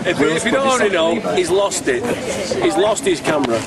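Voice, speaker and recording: A man's voice: high voice, very animated, a little fast. A man teasing a friend while chatting to a handheld camera outdoors, heard from a distance over crowd noise. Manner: teasing, amused. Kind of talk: casual chat to a handheld camera.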